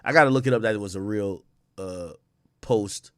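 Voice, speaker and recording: A man's voice: on the low side, normal speed, a bit bright, dry recording, studio quality. A man streaming, reacting to news clips with incredulous, profane, laughing commentary.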